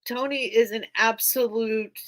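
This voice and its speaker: Chatty woman running a live vintage sale from a cluttered room at home; slow, rambling and easily touched. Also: on the high side, steady tone, rough recording. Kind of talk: casual live-stream auction chat.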